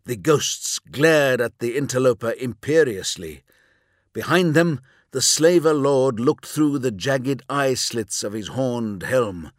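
A man reads a story aloud in a measured, dramatic way. His voice sits at a middle pitch for a man. The studio booth gives a dry, close sound with no echo. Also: lively intonation. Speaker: audiobook narrator. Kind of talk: scripted narration.

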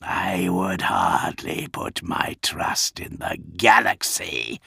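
A man doing a rasping, hissing warlord. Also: deep voice, big pitch swings, bright, forceful tone, dry recording, studio quality, pitched below the performer's own voice, full character voice. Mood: scornful. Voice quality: rasping death-rattle hiss. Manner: slow, drawn-out menace. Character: towering cadaverous male warlord, menacing, mocking.

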